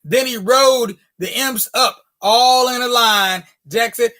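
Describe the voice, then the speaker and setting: A woman storyteller telling a folk tale to an audience with dramatic, drawn-out delivery. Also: fairly high pitch, a bit bright.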